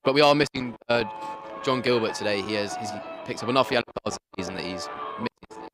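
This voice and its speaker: Man, football commentator, outdoor stadium, steady lineup reading, chatty, music clearly behind. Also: fairly low pitch, quick pace, a loud crowd. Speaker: club match commentator.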